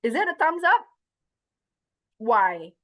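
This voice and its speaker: On a video call, a woman lectures an online class in a fairly high, sing-song, slightly bright voice, speaking slowly. She keeps it interactive, asking students questions and slipping into Indonesian phrases.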